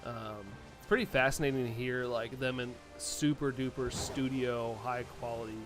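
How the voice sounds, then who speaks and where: A man from the United States, a live streamer, chatting casually and answering viewer chat out loud. He sounds a little sniffly from allergies. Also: mid-range voice, steady tone, normal speed, over music.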